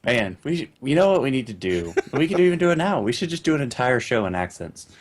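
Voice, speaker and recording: A man's voice: mid-range voice, sing-song, fast. A man co-hosting a casual podcast, joking in a playful way. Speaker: podcast co-host.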